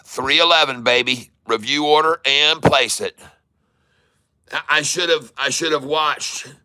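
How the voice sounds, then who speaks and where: A man hosting a live day-trading stream, calling out prices and coaching viewers in an excitable, repetitive way. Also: fairly high pitch, measured pace, smooth. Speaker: day-trading livestream host.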